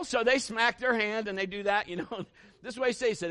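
A man's voice: high-pitched, fairly quick, sharp tone, clear, resonant tone. A man preaching a sermon in a folksy, conversational way, acting out little stories and quoting scripture with emphasis. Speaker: pastor.

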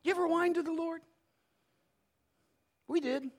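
A middle-aged male pastor preaching a sermon in a lively, conversational way, acting out little quotes. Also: extremely high pitch, unhurried.

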